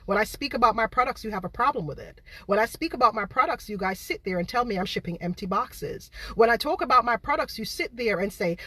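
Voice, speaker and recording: A woman's voice: fairly high pitch, animated, fast, few pauses, pushed and bright, breathy edge, dry recording. A woman, a home baker, ranting to her viewers on a live stream, exasperated and repeating herself. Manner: exasperated, repetitive, talks straight to viewers. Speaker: home baker and online seller.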